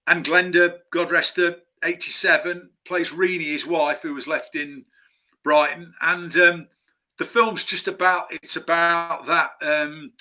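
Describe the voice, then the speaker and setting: A man's voice: on the high side, pushed and bright. A man chatting as a screenwriter guest in a casual interview, telling rambling anecdotes full of restarts.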